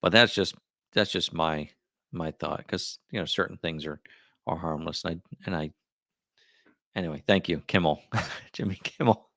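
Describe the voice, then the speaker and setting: Low-voiced middle-aged man, rambling live chat. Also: moderate pace, long pauses, a bit bright, dry recording, studio quality. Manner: rambling, musing aloud with many asides. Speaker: livestream host.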